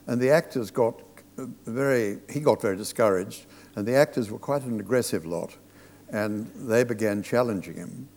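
A man's voice: on the low side, a little mellow, in a large hall. An older man, a theatre director, telling anecdotes with dry humour in an onstage talk.

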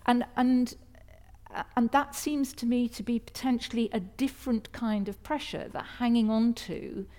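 A woman's voice: on the high side, steady tone, moderate pace, dark tone. Probing woman host, academic tone. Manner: probing, academic, hesitant restarts. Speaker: panel host. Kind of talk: panel discussion. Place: stage before an audience.

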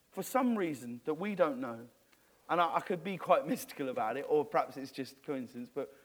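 Animated man telling a rambling story. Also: a little high. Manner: animated, rambling, many restarts. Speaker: guest. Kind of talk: live on-stage interview, storytelling.

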